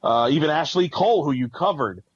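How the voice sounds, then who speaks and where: A man's voice: fairly high pitch, animated, fairly quick, slightly rough, dull audio. A man co-hosting a sports podcast, talking through team records and stats in a rambling, analytical way. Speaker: podcast co-host. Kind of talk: casual sports talk.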